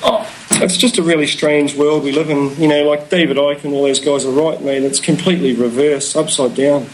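A man's voice: a little high, fairly even intonation, brisk, a little hiss or hum, poor audio. A man, a guest talking in a rambling, philosophical way with many fillers. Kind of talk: casual conversation.

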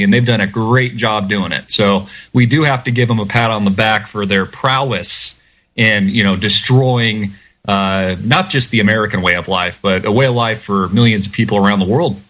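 A man's voice: fairly low pitch, normal speed, fairly bright tone. Emphatic male radio guest. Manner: intense, emphatic, listing points. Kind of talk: casual radio interview.

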